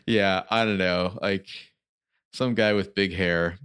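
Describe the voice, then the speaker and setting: A man's voice: deep voice, unhurried, pauses often, a bit bright, smooth, no echo, clean studio sound. A man co-hosting a book podcast, reading passages aloud in casual chat and laughing often. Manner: reads quotes with loose playful voices, laughs often.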